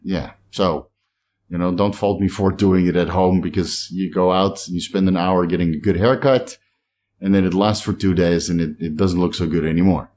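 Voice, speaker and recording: Middle-aged dutch guy rambling on camera, lowish voice, laid-back and self-deprecating. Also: fairly even intonation, moderate pace, a little mellow. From Netherlands. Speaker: bodybuilding channel host. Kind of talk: casual talk to camera, reading comments. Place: home in a hot climate.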